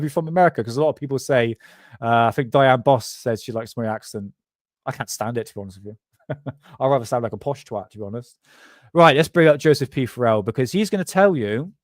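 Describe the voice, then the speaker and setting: A man's voice: mid-range voice, normal speed, no echo. Man, Bristol accent, casual podcast host, slangy, laughs a lot, dry close sound. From England. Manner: chatty, slangy, laughs often. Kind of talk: casual chat.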